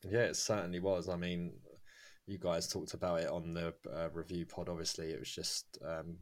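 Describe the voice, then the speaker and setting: Male podcast host, lowish voice, loose chat full of ums and laughs. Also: level tone, normal speed. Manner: chatty, laughs often, many fillers. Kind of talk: casual football podcast chat.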